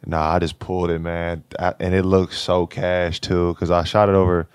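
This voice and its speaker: Young man, deep even monotone, laid-back slangy storyteller, interview guest. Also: moderate pace, clean tone, no echo. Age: 20s. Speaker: college basketball player, guest.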